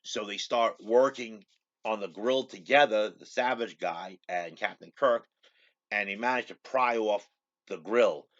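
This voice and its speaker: A man's voice: lowish voice, unhurried, fairly bright tone, lo-fi sound. A man hosting his own show, retelling a TV episode in a rambling casual way and repeating "he goes" a lot. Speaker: show host.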